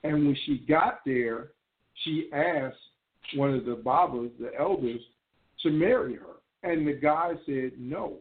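A man's voice: fairly high pitch, measured pace. A male radio show host telling stories in casual slang, repeating words as he talks. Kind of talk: casual storytelling chat. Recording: echoey tinny phone-like line, distant mic.

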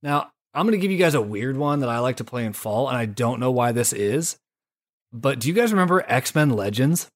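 A man hosting a casual gaming podcast, laid-back and quick to swear, tossing in slang like "dude" and "son". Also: medium pitch, lively intonation. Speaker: podcast host. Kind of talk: casual chat.

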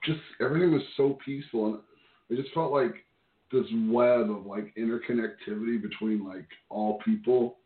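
A man co-hosting a podcast, musing in a halting way full of fillers in casual chat. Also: mid-range voice. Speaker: podcast co-host. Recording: echoey room over a tinny line.

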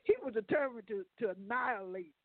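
A man's voice: sits high, a little fast, no room sound. A man preaches a folksy sermon to radio listeners, tripping over a word here and there as he talks to them directly. He comes through a narrow, phone-like line. The sound is dry, with no room around it. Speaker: guest preacher.

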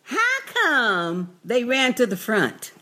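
A woman's voice: on the high side, lively intonation, slow pace, bright, forceful tone. A woman co-hosting a podcast, reacting bluntly and emphatically in casual chat about a TV episode. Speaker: podcast co-host.

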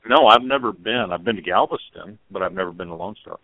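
A man's voice: lowish voice, quick pace, dry recording. A man co-hosting a motorcycle radio show, telling jokes in a loose, casual way with frequent restarts. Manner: joking, stumbling restarts. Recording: phone-like narrow band, dry.

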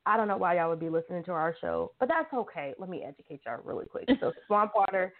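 A woman from South Carolina with a Southern US accent hosts a casual talk show, chatting and teasing as she speaks straight to her listeners. Her voice sits on the low side, expressive and fast, with phone-quality sound.

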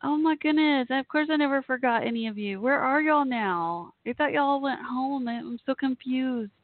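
A woman's voice: high-pitched, normal speed, no echo. A woman hosting a live internet radio show, gushing and emotional, rambling as she talks. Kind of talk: casual live chat show. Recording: tinny phone-like sound, dry.

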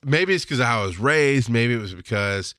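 A middle-aged man hosts his show in a casual, wandering monologue, correcting himself as he goes and often laughing. His voice is bright and forward, heard close and dry with no room sound. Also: mid-range voice, animated, fairly quick, dry recording. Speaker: podcast host.

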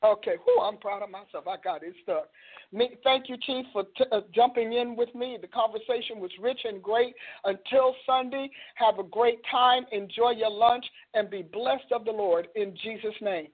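Animated woman host on a phone-like line. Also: fairly high pitch, moderate pace. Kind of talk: radio talk show with a religious theme. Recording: phone-like band-limited audio.

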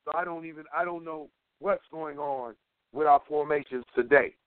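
A man's voice: fairly high pitch, moderate pace, smooth, no room sound. A man giving an impassioned political talk as an organizer, emphatic and preachy, repeating phrases for weight. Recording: tinny phone line, dry.

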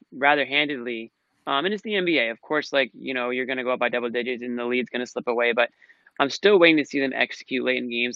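Man, sports talk regular, gravelly, tense bright tone. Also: mid-range voice, no room sound, highs cut off. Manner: emphatic, swears casually.

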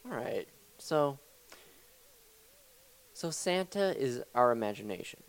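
A young man rants his way through a mock-serious comedy monologue, swearing freely and wandering off track. He talks slowly and loosely, as if thinking aloud. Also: medium pitch, sing-song, creaky. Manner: rambling, profane, mock-serious. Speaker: comedy talk show host. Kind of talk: improvised comedy rant.

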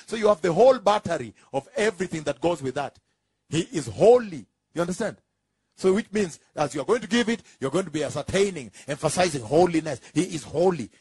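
Man, preacher, sermon, husky, high voice, emphatic, repeats phrases, dry sound. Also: no room sound. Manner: emphatic and repetitive, rising into drawn-out shouts; asks the congregation for confirmation.

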